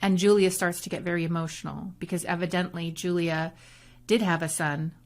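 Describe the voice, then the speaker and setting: A woman co-hosting a podcast, chatting casually and recapping a reality show in an animated, storytelling way. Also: on the low side. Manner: animated, storytelling, quick recaps with acted quotes. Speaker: podcast co-host. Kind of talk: casual chat reviewing reality TV.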